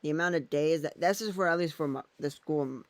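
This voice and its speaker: A man's voice: a little high, fast talker, no echo. A man vlogging in a casual, rambling way, thinking aloud as he goes. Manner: thinks aloud while using his phone and laptop, meandering.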